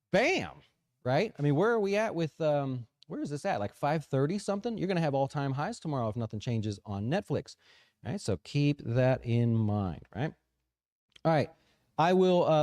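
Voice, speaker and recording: A man talks through the markets in a loose, chatty way, his pitch swinging up and down as he goes. His voice sits mellow and dark. The sound is dry and close, with no room around it. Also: dry recording. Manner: chatty, animated, says "right?" often. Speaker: financial advisor show host. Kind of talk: casual market commentary.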